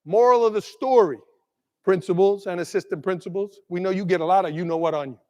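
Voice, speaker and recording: Man, keynote speaker, animated storyteller, high-pitched voice, long hall reverb. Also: fast talker. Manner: animated storyteller, asks the audience questions. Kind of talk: energetic keynote talk with jokes. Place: large conference hall.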